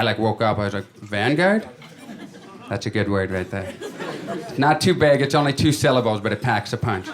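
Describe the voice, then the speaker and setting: A man doing a stand-up comedy set, telling stories in a conversational way and acting out quotes. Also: fairly low pitch. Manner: conversational storytelling with acted-out quotes. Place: comedy stage before a live audience. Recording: live audience laughter.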